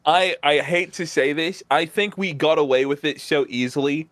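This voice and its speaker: British man, halting and laughing. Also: a little high, fairly even intonation, fairly bright tone, no echo. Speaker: guest co-streamer. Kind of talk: casual chat on stream.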